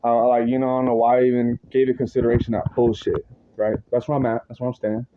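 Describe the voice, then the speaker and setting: A worked-up man rants to the camera in a long, rambling monologue, swearing freely and tossing in slang as he circles back over his point. His voice sits in an ordinary middle pitch. The audio is dull and a little lo-fi. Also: little pitch movement, quick pace, a little hiss or hum. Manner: agitated, profane, rambling with slang asides.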